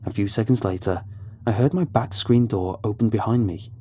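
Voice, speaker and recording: A man narrating a first-person horror story in a measured, suspenseful way. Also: lowish voice, dark tone, slight background noise. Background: faint music.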